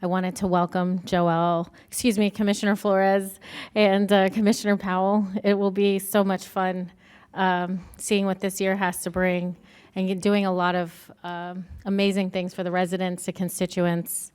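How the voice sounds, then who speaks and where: Woman vice mayor, smooth low steady voice, soft and measured, lots of ums, commission chamber. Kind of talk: brief formal remarks.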